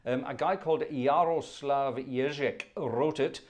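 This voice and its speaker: A man's voice: medium pitch, measured pace. A man hosting a live organ music stream, chatting casually and rambling between tunes, humming melodies aloud and reading viewer requests.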